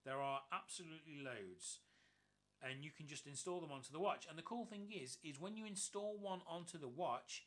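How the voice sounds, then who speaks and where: A man's voice: a little high, animated, moderate pace, fairly bright tone. A man giving an enthusiastic, upbeat walkthrough review of a gadget. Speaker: tech reviewer.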